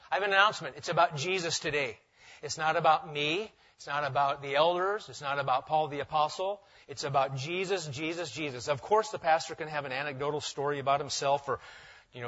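A male pastor preaching a sermon emphatically, repeating key phrases and dropping to quiet intensity for weight. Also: on the high side, highs cut off.

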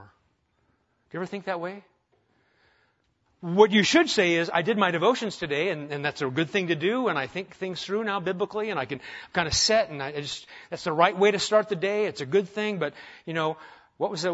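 A male pastor delivers a conversational sermon, tossing out rhetorical questions and humorous asides. His voice sits a little high for a man. The recording is dull and lo-fi. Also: a little fast, a bit bright.

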